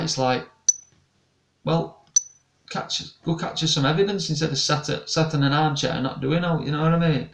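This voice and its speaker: Young man, gravelly, rambling live chat, echoey room, distant mic. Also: fairly high pitch, normal speed, slight background noise. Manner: rambling, chatty, restarts often. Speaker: paranormal investigator and channel host. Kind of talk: casual live-stream chat reading comments.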